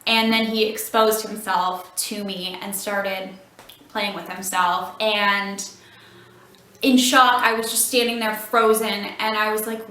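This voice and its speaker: A woman recounting a personal story with halting restarts. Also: mid-range voice, flat delivery, bright, forceful tone. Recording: echoey, distant from the mic.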